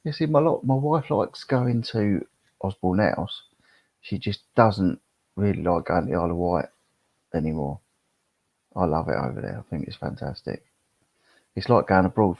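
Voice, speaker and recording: In a dull, lo-fi recording without room sound, a middle-aged man chats on a live stream, wandering between topics and reading out comments. He talks at a moderate pace in a low, gravelly, husky voice.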